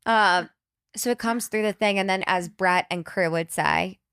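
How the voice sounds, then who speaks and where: A young woman from New Jersey hosting a podcast, telling a long rambling story in casual chat with quick asides. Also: mid-range voice, fairly bright tone, smooth, dry recording, studio quality. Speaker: podcast host.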